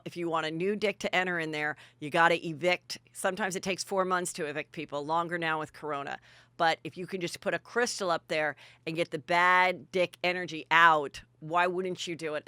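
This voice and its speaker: A woman's voice: deep voice, steady tone, fairly quick, pushed and bright, clear, resonant tone, no echo. A woman podcast host giving a chatty, bawdy gossip recap on a close studio mic.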